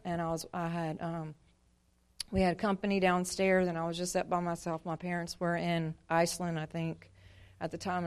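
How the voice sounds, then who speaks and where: Woman giving her church testimony, casual and meandering, slightly low and smooth, lots of fillers. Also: a little mellow. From Montana. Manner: rambling and conversational, with many fillers and acted-out asides. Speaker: speaker sharing her faith testimony.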